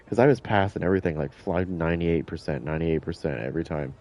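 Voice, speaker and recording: Deep, mellow, swearing gamer guy. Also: fast, few pauses. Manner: swears a lot, boastful, acts out quotes. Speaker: gaming streamer. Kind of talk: casual profane storytelling while gaming.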